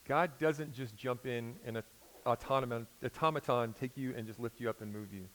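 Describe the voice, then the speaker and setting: An American man in his forties preaching a sermon in a conversational storytelling way, swinging between loud emphasis and quiet intensity. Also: mid-range voice, moderate pace, low-quality recording. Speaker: pastor.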